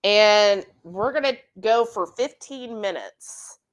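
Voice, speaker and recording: A woman's voice: medium pitch, expressive, slow pace. A woman co-hosting a live cooking stream, chatting and reading viewer comments aloud. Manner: chatty, reads comments aloud, laughs often. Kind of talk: casual chat while cooking.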